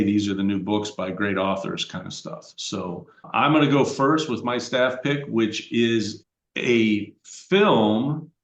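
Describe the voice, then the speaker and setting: A man's voice: fairly low pitch, dull audio. A middle-aged American man hosting a podcast, talking in a casual, rambling way with frequent fillers and restarts. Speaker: podcast host. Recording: roomy echoey room.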